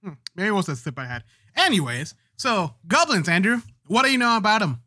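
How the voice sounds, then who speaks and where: Bright, forceful man teasing his co-host. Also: high voice, very animated, fairly quick. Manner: teasing, joking, swears. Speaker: podcast co-host and dungeon master. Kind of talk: casual chat.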